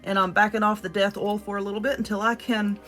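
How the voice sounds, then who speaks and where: Southern woman host, bright edgy voice, blunt and profane, casual home tutorial, faint music behind. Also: mid-range voice, little pitch movement, fast talker. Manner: blunt and profane, addressing viewers directly. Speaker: witchcraft video host. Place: home room.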